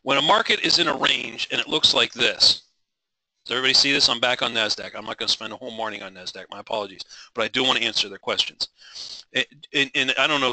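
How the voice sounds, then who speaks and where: A middle-aged man teaches a live trading webinar with fiery, driven passion, often rambling and restarting his sentences. His medium-pitched voice is strikingly bright and sharp, and the recording is dry and close with no room echo.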